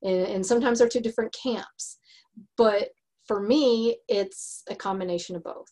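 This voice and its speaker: A woman's voice: medium pitch, moderate pace. Earnest Texan woman hosting a podcast. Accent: Texas. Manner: earnest and warm-hearted, frequent laughs and restarts. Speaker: podcast host. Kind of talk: casual podcast chat.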